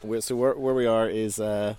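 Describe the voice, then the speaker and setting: Recorded outdoors in a park, a guest from Northern Ireland looks back on his teenage years in casual chat, rambling and laughing often. His voice is lowish, warm, clear, and resonant, with fairly even intonation and a moderate pace.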